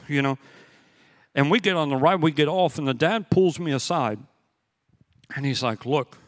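A man's voice: on the high side, fairly quick. Male pastor preaching in a reverberant hall. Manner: conversational storytelling with emphatic repetition. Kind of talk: sermon.

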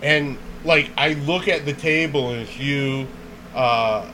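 A man's voice: mid-range voice, slow pace, slight background noise, low-quality recording. A man telling a funny story in casual chat, laughing often and acting out what people said. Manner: animated, laughs often, acts out quoted voices.

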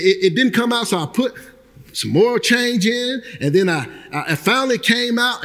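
Man preaching, high-pitched voice, shouted emphasis, long church reverb. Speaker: pastor. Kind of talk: sermon.

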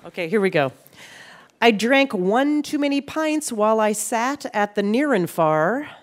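A woman's voice: a little high, lively intonation, measured pace, a little hiss or hum. A woman hosting a quiz show, reading clues aloud in a playful way. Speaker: game show host. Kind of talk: quiz show hosting before a live audience.

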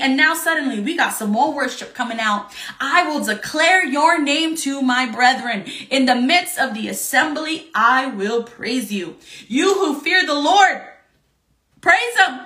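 A woman teaching a Bible study lesson, earnest and excited, reading scripture aloud with feeling. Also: high-pitched, echoey room.

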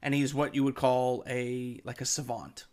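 A man's voice: medium pitch, little pitch movement, moderate pace, a little mellow. A man co-hosting a podcast, casually explaining football news to his co-host with enthusiasm and plenty of fillers. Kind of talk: casual chat.

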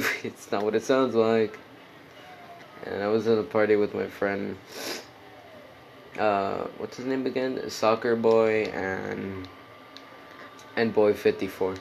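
A man rambles through a casual solo podcast, swearing freely and filling every gap with "like" and "dude". His voice sits fairly low with a gravelly fry. There is a faint hiss of noise behind him. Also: steady tone, normal speed, long pauses, a little mellow, rough recording. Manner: rambling, profane, heavy on "like" and "dude". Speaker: podcast host.

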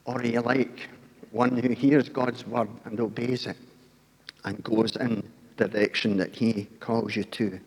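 A man's voice: medium pitch, little pitch movement, measured pace, husky, long reverb tail. An older man preaching a sermon, telling the story with acted-out voices and asking the congregation questions.

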